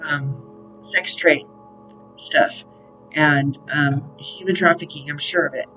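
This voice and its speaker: A woman's voice: low-pitched, fairly even intonation, slow, bright, forceful tone, faint music behind, poor audio. A woman hosting her own spiritual channel, talking in a rambling, casual monologue with plenty of fillers and the odd swear word. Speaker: spiritual counselor and channel host.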